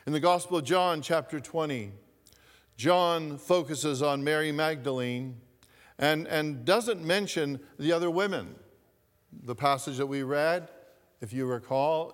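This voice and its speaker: A man preaching a sermon as pastor, speaking in a slow, deliberate way and repeating key phrases. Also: on the high side, big-room sound. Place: church sanctuary.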